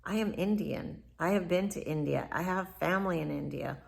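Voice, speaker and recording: Female memoir narrator with a deep register and strong fry, candid and reflective. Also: normal speed. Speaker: memoir author. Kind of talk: first-person memoir narration.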